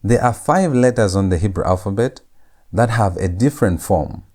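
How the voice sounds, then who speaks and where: A man teaching a language lesson, saying each letter sound over and over in a drawn-out, patient way. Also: lowish voice, expressive, a little mellow. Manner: repeats each sound several times, drawn out. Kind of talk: slow lecture on letter pronunciation.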